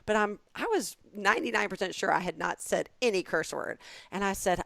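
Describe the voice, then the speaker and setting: A woman's voice: a little fast, creaky, no room sound. A woman from the States, co-hosting a podcast and telling stories animatedly, acting out the voices she quotes. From southern United States. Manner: animated storyteller, acts out quotes with big pitch jumps and laughs. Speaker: podcast co-host. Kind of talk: casual comedic storytelling.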